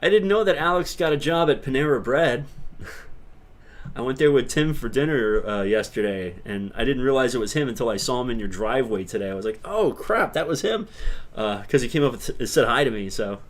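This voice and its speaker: A man's voice: medium pitch, a little fast. A man hosting a casual livestream, rambling and laughing as he answers chat questions. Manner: chatty with frequent restarts. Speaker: livestream host.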